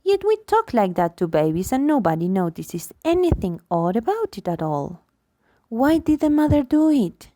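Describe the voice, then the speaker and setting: A woman lecturer reading a book chapter aloud in an expressive, lively way, acting out the examples. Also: a little high, moderate pace, no echo. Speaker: linguistics lecturer.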